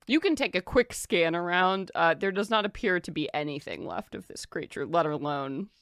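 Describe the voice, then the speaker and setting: Woman game master, somewhat low voice, dry close sound, chatty scene narration. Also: animated, moderate pace, a bit bright, no echo. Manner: loose, descriptive, filler-heavy narration.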